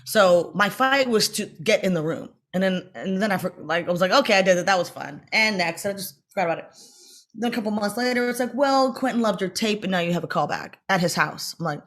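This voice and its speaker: Telling a story during a relaxed interview, a middle-aged actress speaks in a mid-range voice. Her delivery is animated, coming in quick bursts, and she performs the voices of anyone she quotes.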